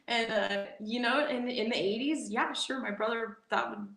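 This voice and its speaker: Woman guest in her 40s, animated storyteller who laughs easily and restarts her sentences, recorded in a roomy, echoey space. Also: a little high, moderate pace, gravelly. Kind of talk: casual storytelling interview. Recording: echoey room.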